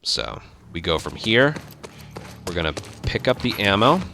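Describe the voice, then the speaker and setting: A man hosting a speedrun tutorial, explaining step by step in relaxed casual game commentary. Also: lowish voice, measured pace, creaky, a little hiss or hum.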